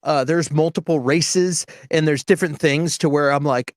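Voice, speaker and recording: A man chatting casually as a co-host on a livestream. His voice sits a little high, and he halts and repeats words with a chuckle. The sound is dry, as if right at the mic. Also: fairly even intonation, moderate pace, no echo.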